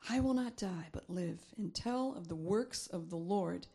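A woman's voice: lowish voice, unhurried, vocal fry, warm tone, breathy edge. A middle-aged woman preaching a sermon, reading scripture aloud and repeating phrases for emphasis.

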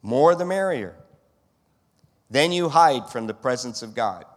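A man preaching a sermon in an animated style, who fires off rhetorical questions and acts out scenes. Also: medium pitch, a little slow. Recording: long hall reverb.

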